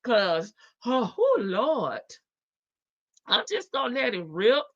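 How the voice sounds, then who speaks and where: A brash, sassy woman hosts a live stream, cursing freely and laughing often. Her voice is bright and a touch high. The sound is dull and lo-fi, with a dry, close feel. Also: big pitch swings, takes it slowly, no echo. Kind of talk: casual live-stream commentary. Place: home in Las Vegas.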